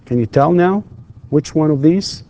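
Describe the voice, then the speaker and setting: Man, English lecturer, mellow warm tone, patient questioning. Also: on the high side. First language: Arabic. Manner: patient, asks questions and repeats slowly. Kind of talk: recorded lecture.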